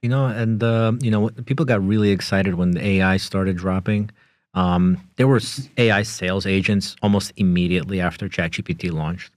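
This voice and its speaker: A man's voice: low-pitched, steady tone, moderate pace, a little mellow, dry recording, studio quality. A man hosting a podcast interview, talking loosely with lots of um, uh and you know. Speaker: podcast host. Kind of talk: casual interview talk.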